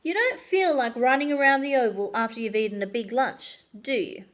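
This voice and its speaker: This woman speaks on the high side and at a brisk clip while reading a children's chapter book to listeners as a librarian. Her storytelling is expressive and animated, complete with character voices.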